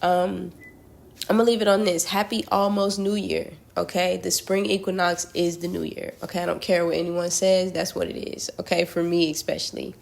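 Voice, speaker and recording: A woman reading tarot, talking relaxed and direct to her viewers in a casual spiritual message, with plenty of slang. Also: lowish voice, normal speed, gravelly. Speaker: tarot reader.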